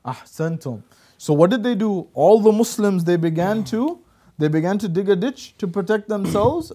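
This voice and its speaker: A man on a religious talk show, telling stories in an emphatic, preaching way. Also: high voice. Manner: storytelling preacher, animated and emphatic. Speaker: guest speaker.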